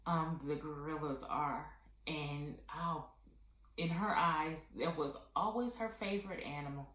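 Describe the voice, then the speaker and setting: A woman vlogger telling a candid personal testimony in a heartfelt, halting way with many pauses and fillers. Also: low-pitched, fairly bright tone, roomy sound, poor audio.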